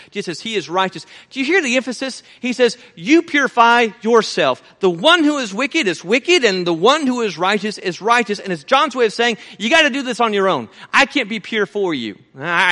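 A man preaching a sermon to his congregation, swinging from loud urgent pleading to hushed, low, slow passages. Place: church.

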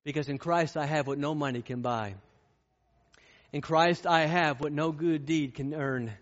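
A man's voice: on the high side, steady tone, measured pace, long reverb tail, highs cut off. A man preaching a sermon, storytelling and then pressing his points with fervent, rising intensity. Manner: impassioned, rising to fervent peaks.

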